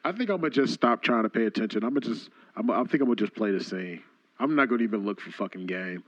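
A man's voice: lowish voice, expressive, fast talker, no echo. A man performing improv comedy, casual and swearing freely. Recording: dull lo-fi sound.

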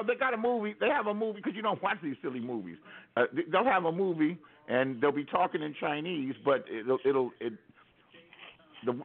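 Man, American, radio caller, rambling wry storyteller, gravelly voice, tinny phone-line sound. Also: a little high. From United States. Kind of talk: casual storytelling on talk radio. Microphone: telephone.

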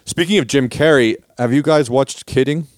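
A man co-hosting a podcast in casual chat, relaxed and musing as he talks. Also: mid-range voice, moderate pace, dry recording, clean studio sound. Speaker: podcast co-host.

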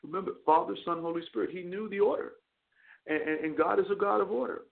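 Gravelly preaching man over a phone line. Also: high voice, fast talker. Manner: repeats words while preaching, rises into fervent crescendos. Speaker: radio talk show host and chaplain. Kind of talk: preaching sermon on call-in radio. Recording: tinny phone-line audio.

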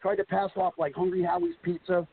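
A man, a wrestler guest on a podcast, telling a comic story with animated delivery. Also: high-pitched, fairly quick. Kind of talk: casual podcast chat. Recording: tinny phone-like line, faint hiss.

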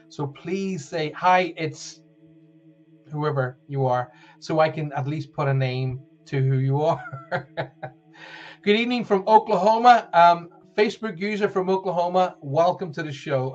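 A man's voice: a little high, darkish tone. A man with a Northern Irish accent hosting a live-streamed spiritual show in a chatty, rambling way, with many fillers and restarts. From Northern Ireland. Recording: dull lo-fi stream audio.

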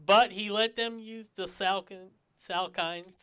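Smooth, bright man cracking wry asides. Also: high-pitched, fairly even intonation, takes it slowly. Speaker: podcast co-host. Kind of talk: casual film chat, jokey asides. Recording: dull lo-fi podcast audio.

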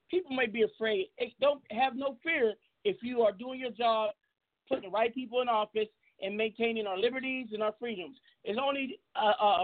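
Tinny high-voiced radio host, rambling. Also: male voice. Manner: rambling, heartfelt, preachy. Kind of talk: casual call-in radio talk. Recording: tinny phone-line audio.

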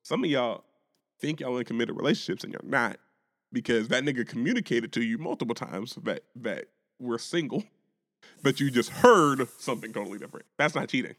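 A man's voice: mid-range voice, expressive, a little fast, a bit bright, long reverb tail. A man co-hosting a podcast, arguing his point in casual, profane chat and often restarting his sentences. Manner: argumentative, stammering restarts, profane. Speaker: podcast co-host.

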